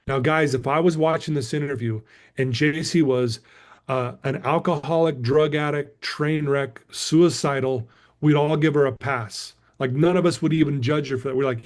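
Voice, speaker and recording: A man's voice: fairly high pitch, fairly even intonation, moderate pace. A middle-aged man, a guest speaker, telling a motivational story emphatically and calling his listeners "guys".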